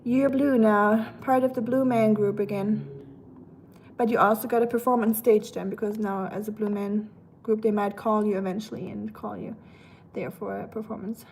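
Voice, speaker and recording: A woman's voice: mid-range voice, fairly even intonation, normal speed, gravelly, darkish tone, a little hiss or hum. Tired German woman chatting on stream. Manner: chatty, rambling with many fillers. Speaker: livestream host. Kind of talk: casual livestream chat reading comments.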